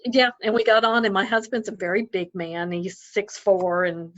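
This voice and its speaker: Brief: a woman guest, a missionary, who tells animated stories over a slightly muffled video call, mid-pitched. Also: normal speed, a little hiss or hum. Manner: lively storyteller acting out her own remarks. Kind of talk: casual interview. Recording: slightly dull lo-fi audio.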